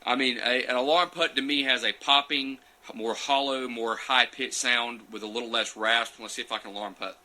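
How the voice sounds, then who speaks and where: A man's voice: mid-range voice, steady tone, moderate pace, bright, forceful tone, rough recording. A man answering viewer questions in a loose, chatty live session, recorded on a phone. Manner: chatty, loose and digressive, reading out comments as he goes. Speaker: champion turkey caller answering viewer questions. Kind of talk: casual live Q&A and demonstration.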